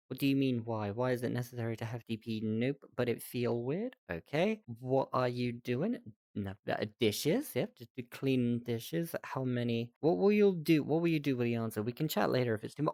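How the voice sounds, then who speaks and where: A young man reads posts aloud on a stream and picks them apart with amused disbelief. His voice sits at a middle pitch and often leaps up when he is baffled. He laughs between lines and restarts his sentences. The sound is dry and close. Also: expressive, moderate pace, a little mellow, no echo. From Britain. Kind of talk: casual reaction reading.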